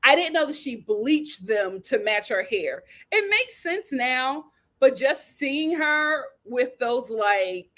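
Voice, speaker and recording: A woman hosting a casual reality TV recap, sassy and animated, laughing as she acts out what people said. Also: high voice, slow pace. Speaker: host.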